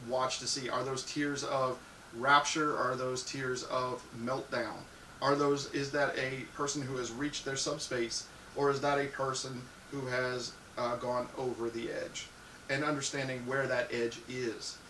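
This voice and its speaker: A man hosting a live show, giving crude, frank advice to viewers and acting out loud little scenes. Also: mid-range voice, little pitch movement, unhurried, recorded from a distance. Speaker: live show host answering viewer questions. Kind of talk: casual live-stream advice talk. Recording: echoey room, off-mic, faint hiss.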